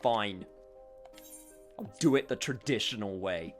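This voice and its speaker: Excitable, flustered male game streamer. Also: lowish voice, unhurried, soft background music. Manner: excitable, flustered, swears often. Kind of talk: casual gameplay commentary.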